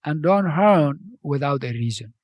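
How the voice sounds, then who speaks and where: A man's voice: fairly high pitch, lively intonation, measured pace, darkish tone, no room sound. Preaching man, second-language English. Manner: conversational, repeats phrases, non-native grammar. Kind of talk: sermon.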